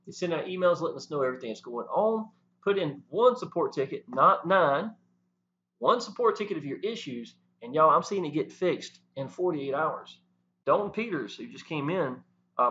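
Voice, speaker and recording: A man talking to the camera, animated and preachy, often saying "y'all". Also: a little high, a little hiss or hum. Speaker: network marketing promoter. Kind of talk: casual talk to camera. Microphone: camera mic. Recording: dull lo-fi sound.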